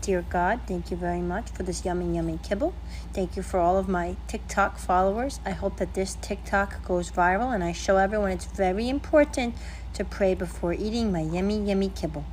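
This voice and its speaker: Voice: mid-range voice, brisk, a little mellow, slight background noise, lightly acted, low-quality recording. A woman voicing her pet dog, saying a mock-solemn grace before eating. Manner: earnest mock-solemn praying.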